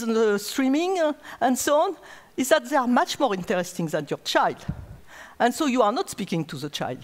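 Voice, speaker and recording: A woman with a French accent, a native French speaker, explaining earnestly as a neuroscientist at a conference and repeating words as she searches for them. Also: a little high. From France. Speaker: neuroscientist giving a conference talk. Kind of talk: conference lecture. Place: large conference hall. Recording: reverberant lecture hall.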